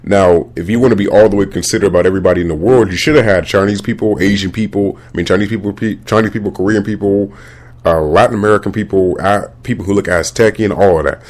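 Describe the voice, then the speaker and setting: A man's voice: on the low side, fairly even intonation, quick pace. A man hosting a podcast, giving casual, rambling movie commentary full of restarts and slang. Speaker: podcast host.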